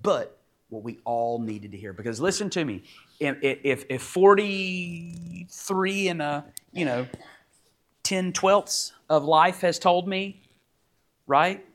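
A man in his forties preaching a sermon as pastor, emphatic and animated, acting out little quotes. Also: on the high side, slow. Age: 40s.

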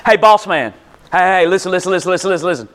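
A preacher doing a frantic, slangy disciple. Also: male voice, high-pitched, fairly bright tone. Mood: exasperated. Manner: rapid, slangy, repeats words for emphasis. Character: agitated adult male disciple, worried and indignant.

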